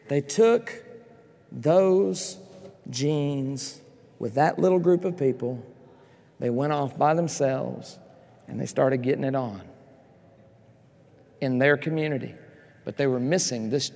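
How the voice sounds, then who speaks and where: High-voiced man preaching in a hall. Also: vocal fry. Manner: animated, speaks straight to the audience with joking asides. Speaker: conference speaker teaching the Bible. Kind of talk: lively teaching sermon. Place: large conference hall. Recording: long hall reverb.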